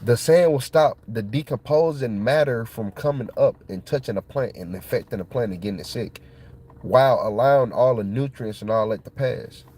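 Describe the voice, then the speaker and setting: Excitable man rambling in slang. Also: mid-range voice, normal speed, breathy edge. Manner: excitable, colloquial, repeats himself. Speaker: channel host. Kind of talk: casual rambling monologue.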